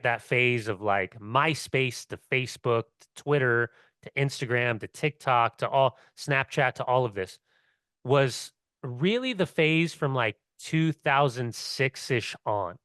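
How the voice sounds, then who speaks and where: A man's voice: medium pitch, a bit bright, dry recording, clean studio sound. A middle-aged man, a former player co-hosting a soccer podcast, telling long rambling stories packed with "like" and swearing. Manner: rambling, storytelling, heavy on "like" and swearing. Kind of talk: casual sports chat.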